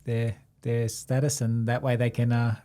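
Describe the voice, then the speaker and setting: An Australian man chatting as a podcast guest, giving brief, halting replies. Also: medium pitch, little pitch movement, dark tone. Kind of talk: casual podcast chat.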